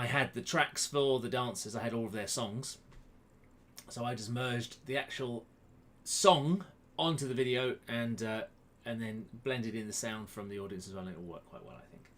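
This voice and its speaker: A man with a mid-range, slightly bright voice runs a quiz live from a room in his home. He keeps things casual and chatty, joking at his own expense as he greets viewers by name, with the webcam close to his face.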